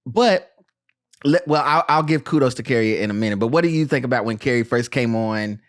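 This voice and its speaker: A podcast host in casual film review chat, animated and joking with quick asides. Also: medium pitch, no echo, clean studio sound.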